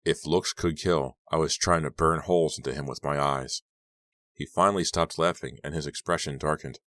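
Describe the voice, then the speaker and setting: A man's voice: very deep voice, steady tone, normal speed, fairly bright tone, no room sound. A man narrating a horror novel in first person, in a tense, dramatic storytelling manner. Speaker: audiobook narrator.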